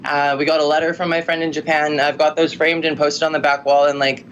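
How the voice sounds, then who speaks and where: A man from Canada, a podcast guest, telling a story excitedly on a video call, with many fillers and frequent laughter. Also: a little high, a little fast, muffled recording, a little hiss or hum.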